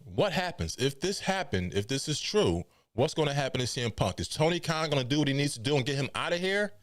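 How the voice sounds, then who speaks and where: A man hosting a wrestling podcast, giving casual, animated news commentary with incredulous asides and mock quotes. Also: mid-range voice, fast, no room sound, studio quality.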